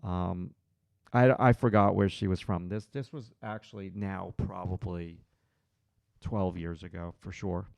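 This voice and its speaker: A man's voice: deep voice, fairly even intonation, measured pace, vocal fry, a little mellow, no room sound. A man hosting a live drawing stream, thinking aloud as he draws and chatting with viewers in his chat.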